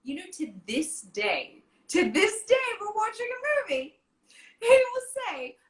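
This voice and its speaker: A woman's voice: very high voice, sing-song, measured pace. A woman hosting a casual chat show, talking earnestly and laughing as she tells stories. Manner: warm, earnest and laughing while telling stories. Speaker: host. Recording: roomy echo.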